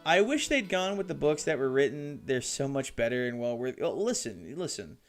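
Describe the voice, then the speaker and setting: A man's voice: mid-range voice, very animated, moderate pace. A man hosts a casual hobby live stream at his desk mic. He banters animatedly, swears and laughs easily, and reads out chat messages as they come in. Faint music plays behind him.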